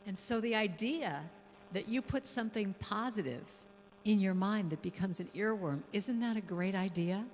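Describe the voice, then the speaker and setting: A woman guest speaker and musician giving a playful, animated spiritual talk in a church hall, now and then breaking into song. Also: medium pitch, moderate pace, a little hiss or hum. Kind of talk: lively spiritual talk with singing.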